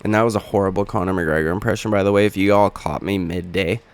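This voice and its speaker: Hoarse low-voiced guy ranting casually. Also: steady tone, fast talker, dry recording. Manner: rambling, profane, wisecracking. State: hoarse from just waking up. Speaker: channel host. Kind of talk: casual reaction vlog.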